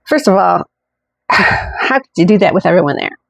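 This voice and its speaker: A woman's voice: lowish voice, expressive, normal speed, vocal fry, no echo. A woman hosting a podcast, telling a true-crime story in a chatty way with indignant asides. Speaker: podcast host.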